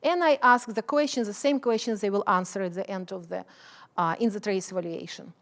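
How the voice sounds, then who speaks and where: A woman's voice: mid-range voice, brisk. A middle-aged woman, a professor giving a keynote speech, talking passionately in English with an accent and non-native phrasing.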